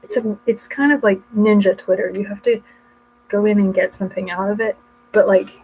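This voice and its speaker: A woman's voice: medium pitch, steady tone, a little fast, a little mellow, slight background noise, rough recording. A woman vlogging at home in a casual, rambling way, often breaking off mid-thought as she shows her books. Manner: rambling, chatty, self-interrupting. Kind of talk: casual chat showing books.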